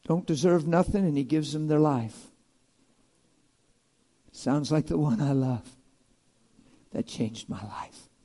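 High-voiced, emphatic male preacher. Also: takes it slowly, long pauses. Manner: animated, emphatic, swings between loud and hushed. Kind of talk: sermon.

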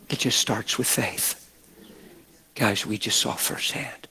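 A man's voice: medium pitch, takes it slowly, slight background noise. Exuberant, laughing middle-aged preacher man. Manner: exuberant, folksy, laughing, animated. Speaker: pastor. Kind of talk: sermon.

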